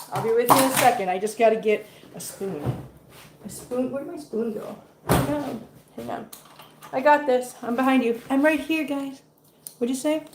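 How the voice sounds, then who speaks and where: A woman's voice: on the high side, echoey room, noisy background. A woman chatting casually on a livestream while she cooks in her home kitchen, teasing her viewers and cooing at her cats. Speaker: cat vlogger cooking on a livestream. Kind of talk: casual live-stream chat while cooking.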